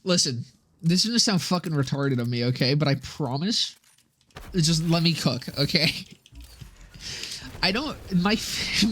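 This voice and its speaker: Young male streamer, slightly high voice, swears a lot, rambling casual chat, self-amused. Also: slow, long pauses, fairly bright tone, a little hiss or hum. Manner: profane, rambling, laughs at his own jokes. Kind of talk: casual livestream chat with viewers.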